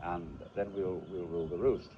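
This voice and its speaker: A man's voice: sits low, level tone, normal speed, noisy background. A man giving a philosophical lecture in a musing way, asking the listener rhetorical questions, heard from a dull lo-fi archival recording.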